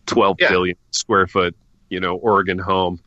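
A man's voice: low voice, fairly even intonation, unhurried, sharp tone, dry recording. A man co-hosting a podcast in casual comedic banter, joking and calling his co-hosts "baby". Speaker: podcast co-host. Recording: dull, lo-fi dry sound.

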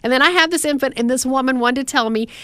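A woman in her thirties, a podcast co-host telling stories in casual chat, animated and indignant. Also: high-pitched, quick pace, no echo. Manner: animated storytelling, indignant asides.

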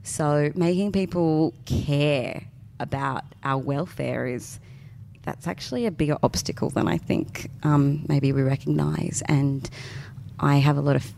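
A woman's voice: low-pitched, a little slow, gravelly, warm tone, slight background noise. Chatty Australian woman guest. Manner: chatty, lots of "like" fillers, laughing asides. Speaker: podcast guest. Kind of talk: casual chat.

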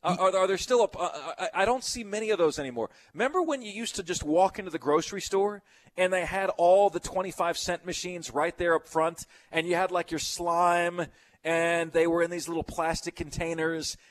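A middle-aged man hosts a sports radio show with easy, rambling chatter. His voice sits a little high for a man. He riffs casually on listener messages. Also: normal speed.

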